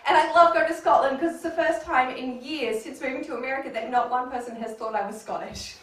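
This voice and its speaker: A woman with an Australian accent performing a stand-up comedy set, dry and deadpan with sudden excited bursts. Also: high voice, quick pace, distant mic, slight background noise. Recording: echoey room heard from afar.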